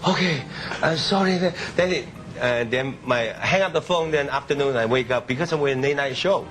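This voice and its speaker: A man telling a story haltingly. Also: medium pitch. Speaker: interview guest.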